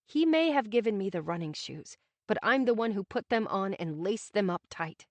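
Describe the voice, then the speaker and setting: Expressive woman narrating an audiobook. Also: mid-range voice, moderate pace, dry recording. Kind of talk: scripted first-person narration.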